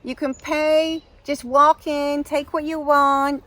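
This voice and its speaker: A woman putting on a bad, exaggerated American accent as a gushing fan of tech conveniences, high and drawn out. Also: level tone, dry recording. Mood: mock-enthusiastic. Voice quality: high, loud, drawn-out mock enthusiasm.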